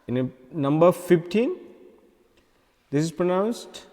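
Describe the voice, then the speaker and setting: A man with an Indian English accent teaching English vowel sounds, slowly repeating each sound and example word. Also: fairly high pitch, lively intonation, darkish tone, long reverb tail. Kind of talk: recorded phonetics lesson.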